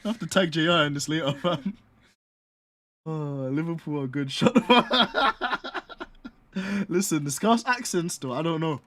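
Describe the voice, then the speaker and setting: A man's voice: on the high side, moderate pace. A young man from North London with a London accent, bantering casually while sim racing, slangy and often laughing.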